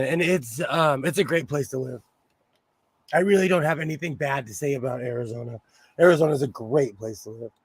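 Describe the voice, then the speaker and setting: A middle-aged man from Pennsylvania hosting a casual sewing livestream, chatting to viewers and laughing often, slightly hoarse and under the weather. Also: a little high, no room sound. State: slightly hoarse, feeling unwell. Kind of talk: casual live-chat while sewing.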